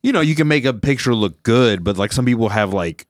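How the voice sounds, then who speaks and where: A man's voice: medium pitch, animated, fairly quick, no room sound, studio quality. A man hosting a podcast, chatting casually in a joking, rambling way and laughing often. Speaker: podcast host. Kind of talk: casual comedic chat.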